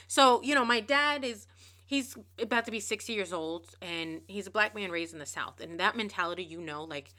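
A podcast host in her thirties tells a personal story in a casual monologue, candid and animated and swearing freely. She speaks in a mid-range voice at a moderate pace.

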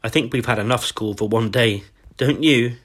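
A man voicing a gentle but firm young woman teacher. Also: medium pitch, moderate pace, breathy edge.

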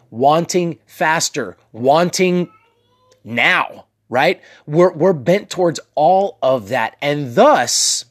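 A man's voice: fairly high pitch, breathy edge, no echo, clean studio sound. A man in his thirties hosting a podcast from his bedroom, talking candidly and directly to his listeners with frequent asides. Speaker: podcast host. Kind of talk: casual motivational monologue.

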